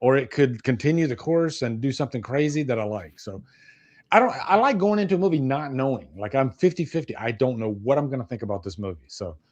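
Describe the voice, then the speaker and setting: A man's voice: medium pitch, lively intonation, fast, a little mellow. Chatty laughing man on a podcast. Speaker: podcast co-host. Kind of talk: casual chat.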